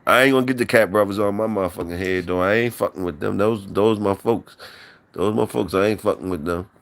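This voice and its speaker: A man's voice: fairly low pitch, brisk, gravelly. A man hosting a live stream in loose, profane, repetitive banter with his chat, talking on a mic from his workplace.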